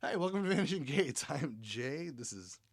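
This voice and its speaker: A man's voice: fairly high pitch, sing-song, normal speed. A man hosting a casual comedic podcast, joking and laughing often as he talks. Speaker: podcast host. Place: small home studio.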